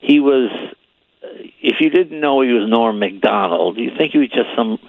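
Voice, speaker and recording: A man's voice: medium pitch, expressive, normal speed, creaky, no echo. A man in his seventies, a comedian guest, telling rambling anecdotes and acting out the voices in them. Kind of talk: phone-in interview, storytelling. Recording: muffled lo-fi radio line.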